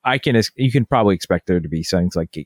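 A man's voice: low voice, animated, quick pace, no echo, clean studio sound. A man co-hosting a casual chat, explaining at length in a rambling, chatty way. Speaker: podcast co-host.

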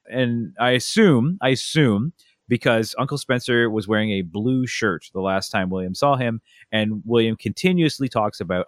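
Deep-voiced man telling family stories. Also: moderate pace, no room sound, clean studio sound. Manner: animated storyteller, acts out a toddler's voice. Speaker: podcast co-host. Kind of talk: casual storytelling chat.

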